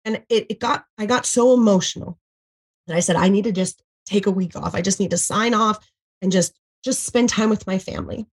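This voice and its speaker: Husky woman telling a story animatedly. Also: medium pitch, brisk, rough recording. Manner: animated, acts out quotes, many fillers. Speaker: podcast guest, former MLM seller. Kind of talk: emotional storytelling interview.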